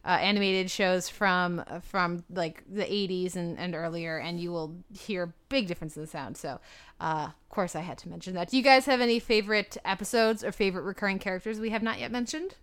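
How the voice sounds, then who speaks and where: A woman's voice: lowish voice, a little fast, fairly bright tone, clear, resonant tone. A woman co-hosting a casual podcast chat, chatty and full of filler words. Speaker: podcast co-host.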